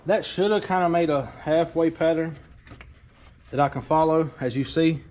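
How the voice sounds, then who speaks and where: A man's voice: on the high side, normal speed, heavy background noise. A man casually narrating his work in a workshop garage, rambling and self-deprecating. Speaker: DIY truck builder. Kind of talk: casual shop vlog narration.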